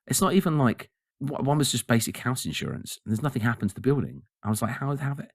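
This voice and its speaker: A man co-hosting a podcast in casual chat, animated and ranting, often laughing. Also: medium pitch, quick pace, dry recording, studio quality. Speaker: podcast co-host.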